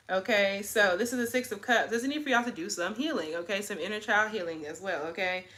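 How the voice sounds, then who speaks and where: A woman's voice: mid-range voice, brisk, fairly bright tone. A woman in her twenties giving a casual pick-a-card tarot reading, chatty and slangy, tagging nearly every line with "okay?". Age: 20s. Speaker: tarot reader.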